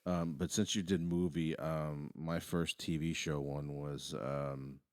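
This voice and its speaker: A male podcast co-host with a very low voice, talking in halting starts and repeats and slipping in dry jokes. The sound is close and dry, with no room around it. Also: fairly even intonation, clean tone, dry recording. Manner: hesitant, repeats words, dry humor. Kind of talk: casual podcast chat.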